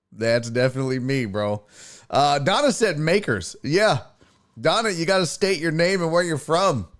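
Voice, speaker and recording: A man's voice: on the high side, noisy background. A man from Houston, hosting a sports livestream and chatting loosely with viewers, swearing freely and using lots of fillers. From Houston, Texas. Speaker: sports show host. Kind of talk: casual livestream chat reading the chat.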